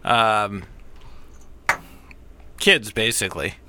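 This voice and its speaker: A man in casual chat who cracks dry jokes and calmly retells a news story. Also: on the low side, very slow, background noise.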